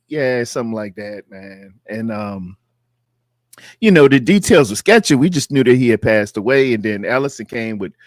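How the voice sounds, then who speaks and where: A man's voice: mid-range voice, no echo, clean studio sound. A man hosting a sports fan livestream in a loose, repetitive, chatty way, calling out viewers by name. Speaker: sports show host. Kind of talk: casual livestream chat. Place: home studio in North Carolina.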